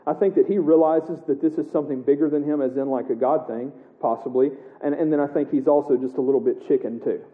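Guy giving a sermon, kinda high voice, gets animated acting out the bible bits, sounds tinny like a phone line. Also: fast talker, hardly any pauses. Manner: animated, acting out the quotes he reads. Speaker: pastor. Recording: echoey room heard over a tinny narrow line.

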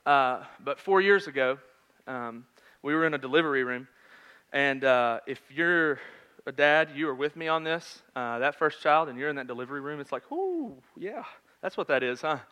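Bright-voiced man preaching conversationally. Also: mid-range voice, normal speed, smooth. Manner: conversational, swings from loud to hushed. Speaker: pastor. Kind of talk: sermon with personal story.

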